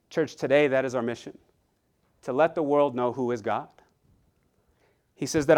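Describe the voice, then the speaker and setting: Animated, clear-voiced male preacher. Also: medium pitch, unhurried, pauses often. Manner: animated preaching with frequent repetitions and asides to the congregation. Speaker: pastor. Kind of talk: sermon.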